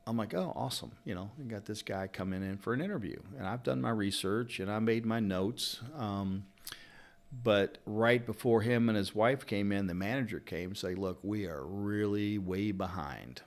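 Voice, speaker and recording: Low-voiced Kentucky man telling stories. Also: moderate pace. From Louisville, Kentucky. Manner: rambling storyteller, animated retelling of anecdotes. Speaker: barber and interviewer. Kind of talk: casual chat.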